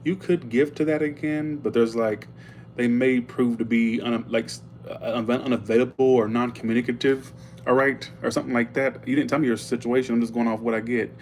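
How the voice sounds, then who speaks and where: A man speaking at an everyday middle pitch, reading tarot on a casual livestream. He talks in a loose, chatty way and says things bluntly, and a faint hum sits under his voice. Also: steady tone, fairly quick, a little mellow. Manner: chatty and blunt, thanking viewers for tips. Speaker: tarot reader.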